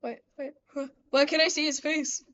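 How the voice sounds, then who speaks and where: High-voiced woman narrating her gameplay. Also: flat delivery, normal speed, fairly bright tone, dull audio. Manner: chatty, talks back to game characters. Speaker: gamer. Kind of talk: let's-play commentary.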